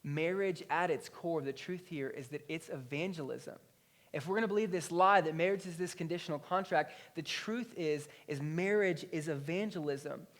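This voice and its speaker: Guy pastor in his 30s preaching, chatty and animated, voice sits a bit high. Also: moderate pace. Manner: conversational, animated storytelling. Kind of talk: sermon. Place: church.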